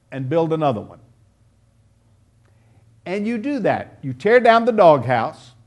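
A male preacher teaching Bible verses in a sermon, speaking slowly and deliberately. His voice sits high and swings widely, climbing sharply on emphatic exclamations and rhetorical questions. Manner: emphatic, pounding home points with rhetorical questions.

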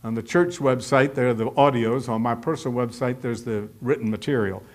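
A man's voice: mid-range voice, steady tone, fairly quick. A middle-aged man preaching a sermon as pastor, folksy and emphatic, acting out quotes from people he talks about.

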